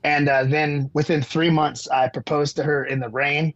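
A man's voice: on the high side, flat delivery, normal speed, a bit bright, dry recording, muffled recording. A man, a musician guest on a podcast, telling rambling stories with lots of fillers and casual swearing.

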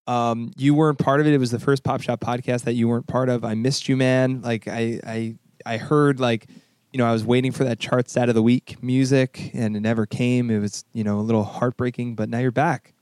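A young man hosting a casual music podcast, chatty and halting with lots of fillers and restarts. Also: medium pitch, level tone, darkish tone, smooth, no echo, studio quality. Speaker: podcast host. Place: New York studio.

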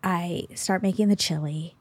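A woman's voice: on the low side, steady tone, moderate pace, a little mellow, no room sound. A woman co-hosting a podcast in casual chat, telling stories with a lot of laughter and acting out quotes. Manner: chatty storyteller, laughs often, acts out quotes. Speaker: podcast co-host.

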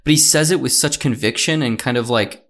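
A man's voice: medium pitch, a little fast, a bit bright. A man co-hosting a podcast, talking in loose casual chat with many fillers. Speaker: podcast co-host.

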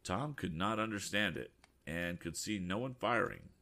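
A man narrating a storybook in an expressive, animated reading. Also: sits low, normal speed. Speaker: audiobook narrator.

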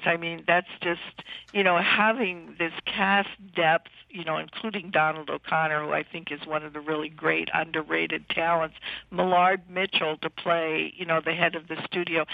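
A woman guest expert on a radio panel, talking about film with animated enthusiasm. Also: lowish voice, gravelly. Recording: slightly dull, dry line.

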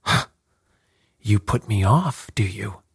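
Guy doing a raspy snarling old brute, slow and menacing, dry close sound. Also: lowish voice, expressive, no echo, heavily acted. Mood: furious. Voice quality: husky. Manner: snarling, shouting. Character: fierce, furious old man, menacing.

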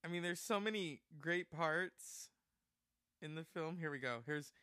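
A man hosting a casual talk show, animated and outspoken, swearing freely. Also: fairly high pitch, a little slow, clean tone, dry recording, clean studio sound. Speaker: host.

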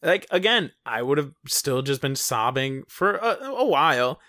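A man's voice: mid-range voice, very animated, measured pace, sharp tone, no room sound. Man, podcast co-host, casual rambling film recap, swears a lot, dry close sound. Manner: rambling, swears freely, laughs often.

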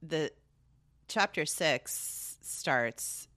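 A woman's voice: low-pitched, expressive, extremely slow, fairly bright tone, no echo. A woman co-hosting a podcast, recapping a book in crude, joking, rambling casual chat full of fillers. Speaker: podcast co-host.

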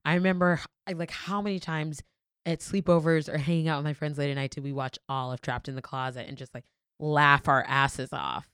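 A woman's voice: low-pitched, fairly even intonation, brisk, fairly bright tone, smooth, dry recording, studio quality. A young woman co-hosting a casual talk show, telling a story candidly and swearing freely. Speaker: podcast co-host. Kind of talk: casual chat.

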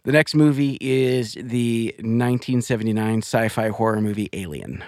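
A man's voice: medium pitch, normal speed, no echo, clean studio sound. A man co-hosting a podcast in casual chat, teasing his co-host in a playful way.

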